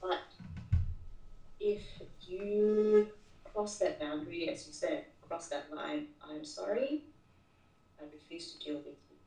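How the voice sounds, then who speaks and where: Speaking slowly with long pauses, a woman with a fairly low, dark-toned voice tells a work story as an interview guest. She keeps it casual and often repeats words as she starts sentences, captured by a distant mic with roomy echo.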